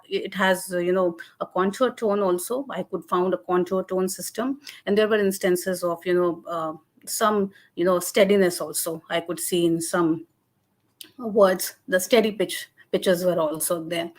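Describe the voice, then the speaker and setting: Woman lecturing with many fillers. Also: medium pitch. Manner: hesitant, many fillers and restarts. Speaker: webinar lecturer. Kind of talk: academic lecture.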